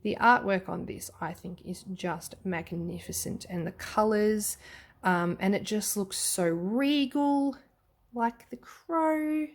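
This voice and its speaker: Australian woman, casual vlog host, mid pitch, chatty and gushing, lots of filler words and little apologies. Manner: chatty and enthusiastic, frequent ums and quick self-corrections. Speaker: tarot deck reviewer. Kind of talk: casual tarot flip-through vlog.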